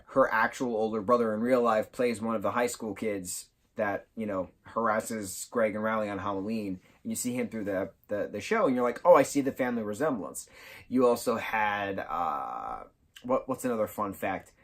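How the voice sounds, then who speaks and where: A man reviewing a film in a casual vlog, retelling scenes excitedly with bursts of giggling and sudden jumps in pitch and volume. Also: moderate pace. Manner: giggles through his retelling.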